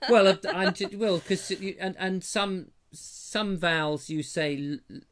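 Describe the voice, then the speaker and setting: A man's voice: high-pitched, measured pace, a bit bright. A man from England hosting a live online chat show, reading out viewer comments in a rambling, self-deprecating way.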